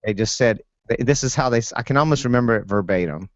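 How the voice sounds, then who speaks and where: A man's voice: medium pitch, no room sound. A man, a guest, chatting casually and telling personal stories, often stopping and restarting his sentences. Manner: halting, storytelling with many restarts. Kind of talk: casual chat. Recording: dull, dry lo-fi sound.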